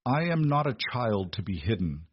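A man reading the part of a proud young noblewoman who speaks in a steady, controlled way. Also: on the low side, moderate pace, husky, no room sound, lo-fi sound. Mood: defiant.

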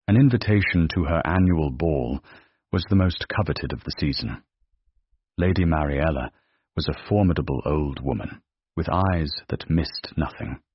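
A man narrating a period romance story in a measured, dramatic manner. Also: a bass voice, breathy edge, no echo. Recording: dry, dull lo-fi.

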